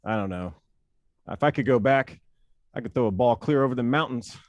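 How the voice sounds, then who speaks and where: A man being interviewed as a guest, telling stories in a playful, animated way with frequent laughs. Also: mid-range voice, brisk, a little hiss or hum. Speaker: guest, former pitcher and broadcaster. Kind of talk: casual interview storytelling.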